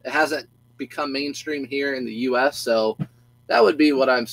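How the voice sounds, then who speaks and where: A man's voice: mid-range voice, normal speed, creaky, fairly bright tone, no room sound, low-quality recording. A middle-aged man, a reseller chatting casually on a live stream, goofy and talkative, greeting viewers by name and stumbling over his own restarts.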